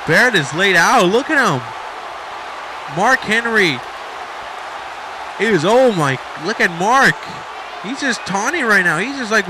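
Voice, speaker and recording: Excitable high-voiced man doing play-by-play. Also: measured pace, a crowd in the background, background noise. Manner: excitable, shouts at big moves, rambles and repeats himself. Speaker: YouTuber commentating his own video game matches.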